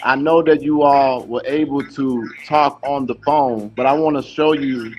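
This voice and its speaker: A man's voice: medium pitch, fairly even intonation, a little slow, muffled recording, faint music behind. A man hosting an interview, encouraging his guests and asking them questions. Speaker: host. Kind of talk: interview host.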